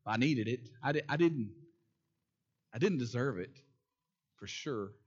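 A man's voice: medium pitch, expressive, unhurried. A man preaching a sermon who repeats key phrases and asks the congregation questions, in a dull lo-fi recording. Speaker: pastor.

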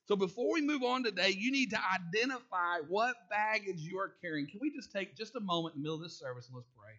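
A pastor preaching in a high, bright voice. He keeps it folksy and conversational, throwing questions at the congregation and chuckling at his own asides. The sound is a bit dull and lo-fi. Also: lively intonation, fast. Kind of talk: sermon.

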